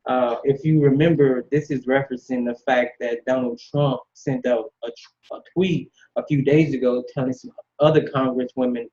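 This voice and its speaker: A man's voice: medium pitch, steady tone, normal speed, a little mellow. A man giving blunt, dismissive casual commentary, recorded with slightly dull lo-fi sound. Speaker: commentary host.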